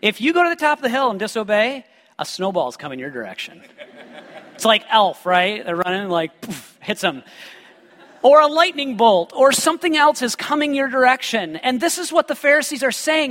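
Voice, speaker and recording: A man preaches in a large hall, his voice high and bright, ringing with a long reverb. He weaves scripture with lively personal stories and tosses joking asides to the congregation. The delivery is animated and full of humor. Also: normal speed. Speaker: pastor. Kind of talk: sermon with personal storytelling.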